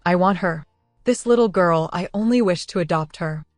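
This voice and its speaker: A woman voicing a frail, gentle young woman who speaks softly and hesitantly. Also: lowish voice, normal speed, dry recording, faint music behind, lightly acted. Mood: tender. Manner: soft and hesitant.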